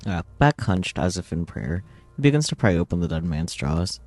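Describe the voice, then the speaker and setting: A man's voice: low-pitched, very animated, moderate pace, darkish tone, no room sound. A man streaming a game, reading its text aloud and joking playfully. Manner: playful, jokey, reads lines casually.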